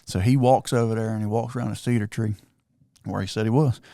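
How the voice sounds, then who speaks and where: Man, gravelly voice, lowish pitch, excited hunting storyteller, dry room. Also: fast talker, dry recording. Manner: excited, animated storyteller, acts out quotes. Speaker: podcast host telling a hunting story. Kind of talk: casual storytelling chat.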